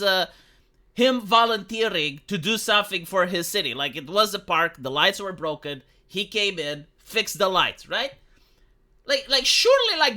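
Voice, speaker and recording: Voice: mid-range voice, bright, forceful tone. A streamer from Romania, ranting in a video commentary, indignant and full of fillers and restarts.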